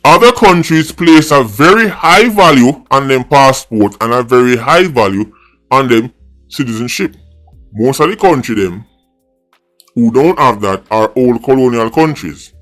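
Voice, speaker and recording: A man's voice: mid-range voice, animated, measured pace, a bit bright, faint music behind. A middle-aged Jamaican man with a Jamaican accent, giving a blunt, mocking monologue as a political vlogger, mixing patois and English. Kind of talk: opinionated monologue.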